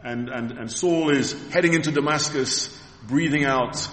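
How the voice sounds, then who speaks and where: A man's voice: on the high side, moderate pace, fairly bright tone. A man preaching a sermon to a congregation in a church, retelling scripture scenes as vivid stories and speaking directly to his listeners. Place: church hall. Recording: echoey hall reverb.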